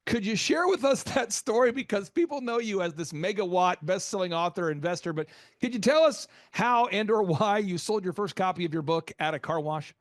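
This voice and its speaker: Brief: male show host, high and excitable, gushing intros, dry close mic. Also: brisk, hardly any pauses, no room sound. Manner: effusive, praising, many fillers. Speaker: podcast host. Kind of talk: enthusiastic interview hosting.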